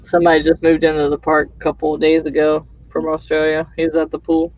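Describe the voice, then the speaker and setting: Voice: medium pitch, completely flat delivery, quick pace, no room sound. Easygoing voice in group chat, dull lo-fi recording. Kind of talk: casual chat on a stream.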